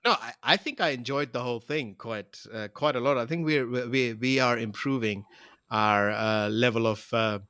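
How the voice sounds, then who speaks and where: A man hosting a podcast in casual chat, talking in a rambling, halting way with many restarts and fillers. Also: mid-range voice, pushed and bright, smooth, dry recording, clean studio sound. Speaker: podcast host.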